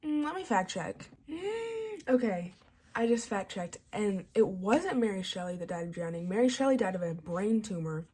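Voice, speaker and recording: A young woman book vlogger excitedly retelling a novel's plot in a chatty way, full of "like" and paraphrased character lines. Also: mid-range voice, moderate pace, slightly rough. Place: home, early morning.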